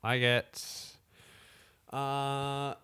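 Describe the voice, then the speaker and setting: A man's voice: medium pitch, very slow, clear, resonant tone, no room sound, studio quality. A young man co-hosting a podcast, chatting casually with many fillers and restarts. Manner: relaxed, rambling, frequent fillers and restarts. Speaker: podcast co-host. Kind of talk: casual chat.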